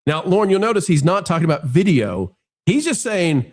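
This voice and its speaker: A man hosting an entertainment news show, talking in an emphatic, wry way with quick asides. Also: high-pitched, sing-song. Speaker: show host. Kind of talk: animated news commentary chat.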